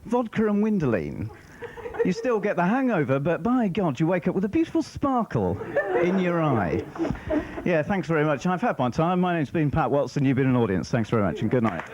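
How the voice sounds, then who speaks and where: Deadpan stand-up with a lively voice. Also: male voice, a little high, a little fast. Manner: deadpan, rambling, with acted-out voices. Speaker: stand-up comedian. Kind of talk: stand-up routine. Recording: muffled, slightly noisy 1990s TV broadcast. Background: audience laughter.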